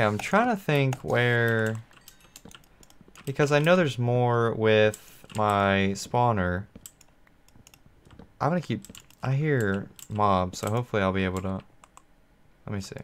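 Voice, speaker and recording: A man's voice: lowish voice, a bit bright, smooth. A man hosting his own gaming channel, giving solo gameplay commentary in a rambling, think-aloud way and talking to his viewers.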